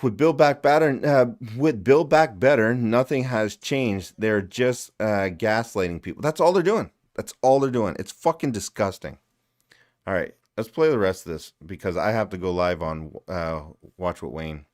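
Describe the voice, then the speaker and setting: A man's voice: lowish voice, moderate pace, a little mellow. A man hosting a casual livestream, ranting with lots of swearing and repeated phrases. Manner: profane, ranting, repeats himself. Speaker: livestream host.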